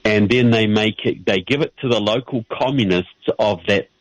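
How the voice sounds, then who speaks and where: A man's voice: lowish voice, moderate pace, no echo. A man from New Zealand with a New Zealand accent, a guest author explaining at length in a radio interview. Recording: dull, dry phone-in line.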